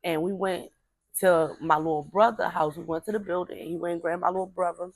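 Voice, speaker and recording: In a lowish, steady-toned voice at a fairly quick pace, a woman chats casually about her family, rambling, repeating words and filling pauses. When quoting relatives she imitates their voices. The recording quality is low.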